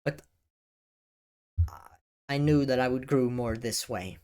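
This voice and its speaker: A man who makes educational videos, giving advice straight to the camera in a deliberate way, with pauses and stress on key words. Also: mid-range voice, darkish tone, clean tone. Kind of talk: talking-head advice vlog. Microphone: camera-facing setup.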